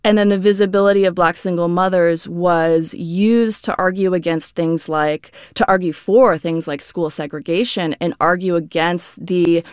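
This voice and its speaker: A woman speaks as a guest on a radio interview, explaining history thoughtfully. Her voice is smooth and clear, a little low for a woman. The recording is close and dry. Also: fairly even intonation, normal speed, hardly any pauses, dry recording. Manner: thoughtful, explanatory, with frequent fillers.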